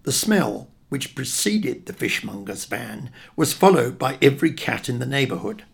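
An older man from England reads his own memoir with wry, reflective humour. His voice is heavily gravelly and rises and falls in a lively way. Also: medium pitch, moderate pace. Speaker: narrator. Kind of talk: memoir reading.

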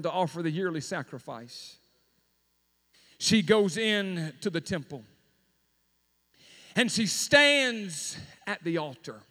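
Brief: male preacher, dramatic storytelling sermon, bright and very high, echoing sanctuary. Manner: dramatic, swinging from shouting to near-whisper. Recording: long hall reverb.

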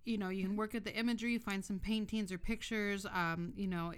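A young woman hosting a casual chat, reading tarot in a relaxed, talkative way. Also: mid-range voice, fairly quick, smooth. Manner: relaxed, chatty, swears casually. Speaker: host, tarot reader.

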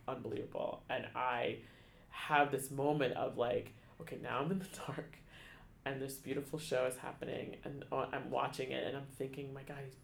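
A man telling a personal story in an interview, halting, with many restarts and fillers, becoming emotional. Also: medium pitch, gravelly, echoey room. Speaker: guest, theater education staff. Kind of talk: conversational storytelling.

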